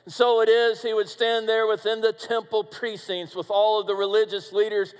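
A man preaching a sermon, calling his listeners friends, dramatic and shifting between booming and hushed delivery. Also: level tone, normal speed, clear, resonant tone, big-room sound. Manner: addresses listeners directly as friends.

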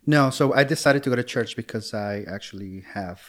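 A man's voice: mid-range voice, fairly quick, a bit bright. Hesitant male guest in his thirties. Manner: hesitant, many "uh" and "um", dry jokes. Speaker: podcast guest. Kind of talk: casual interview chat.

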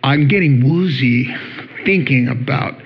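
Middle-aged male pastor, unhurried storytelling sermon, muffled low-fi sound. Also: creaky, breathy edge. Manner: animated storytelling, acts out voices with playful humor.

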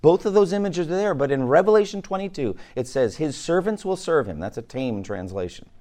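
A man's voice: on the high side, expressive, brisk, mellow. Man preaching a conversational sermon. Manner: conversational teaching, asks the room questions; repeats and restarts words. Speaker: pastor.

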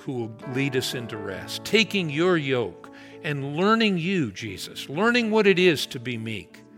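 A man preaching a sermon, earnest and emphatic, easing into a slow, heartfelt prayer. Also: mid-range voice, vocal fry. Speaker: pastor.

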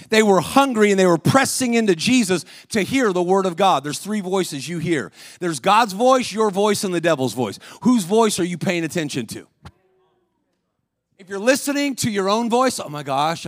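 A man preaching as a guest speaker at a church service, calling out to the congregation and rising to shouts. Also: sits high, no echo, clean studio sound. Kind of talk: sermon. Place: church sanctuary.

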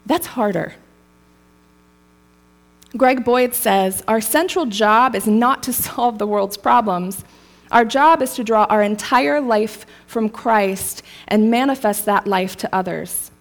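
A woman's voice: on the high side, slow pace. A woman preaching a sermon in a casual, storytelling way, laughing lightly now and then.

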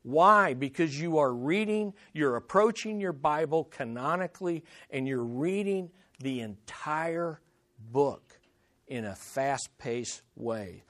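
High-voiced pastor preaching conversationally. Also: male voice, lively intonation, slow pace, a bit bright. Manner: conversational, emphatic, repeats phrases. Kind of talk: sermon.

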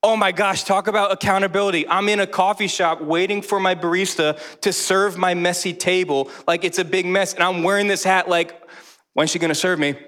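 Youngish guy pastor preaching, lively funny storytelling, slightly high voice. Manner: animated storytelling, quick laughs, mimics voices. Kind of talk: sermon.

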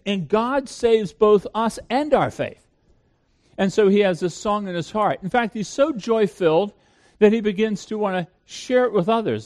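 A man preaching a sermon in an earnest way, often repeating words as he starts a sentence. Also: high voice. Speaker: pastor.

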